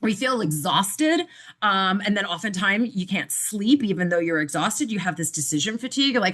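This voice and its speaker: A chatty woman talks through a wellness podcast in a loose, unscripted way. She leans on fillers, swears now and then, and slips into quick acted-out inner voices to make her points. Her voice sits at an ordinary middle pitch for a woman. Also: animated, a bit bright. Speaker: podcast host, nutritionist. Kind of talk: casual wellness talk.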